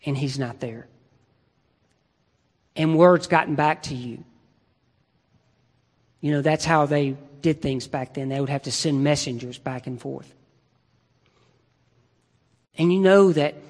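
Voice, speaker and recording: A man with a fairly high voice preaches slowly and deliberately. He talks to his listeners as if in conversation, leaning on rhetorical questions. His words ring out with a long reverb in a large church hall. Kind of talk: sermon.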